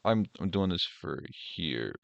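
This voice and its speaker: A young man with a very low, deep voice, talking loosely and profanely as he reacts on a livestream. He rambles and fills gaps with "um" and "like". The audio is dry and a bit dull, like a lo-fi desk mic. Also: very animated, measured pace, vocal fry, a bit bright, no echo. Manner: rambling, profane, mocking, with filler words. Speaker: streamer host. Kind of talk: casual reaction stream commentary.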